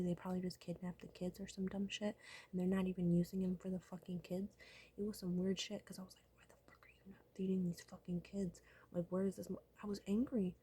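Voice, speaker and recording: A woman's voice: fairly low pitch, dark tone, husky. A woman telling a dream in a casual vlog, rambling and swearing, often dropping to a whisper.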